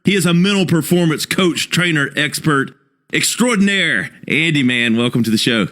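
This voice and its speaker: A man's voice: a little high, lively intonation, normal speed, bright, forceful tone. A man with a South Carolina accent hosting a podcast, chatting in a laid-back, chummy way. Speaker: podcast host. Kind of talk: casual interview chat.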